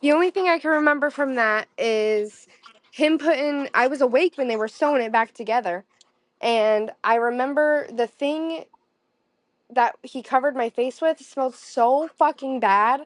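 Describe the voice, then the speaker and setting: A woman's voice: high-pitched, normal speed, no room sound. A young woman telling a blunt, profane family story on a casual podcast. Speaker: guest sister.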